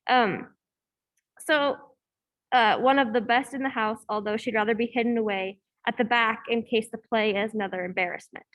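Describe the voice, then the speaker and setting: A woman's voice: on the high side, steady tone, normal speed, fairly bright tone. A young woman student leading a class discussion over a video call, hesitant with many fillers, in an echoey room. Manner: hesitant, many ums and likes. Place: room in a campus hall, echoey.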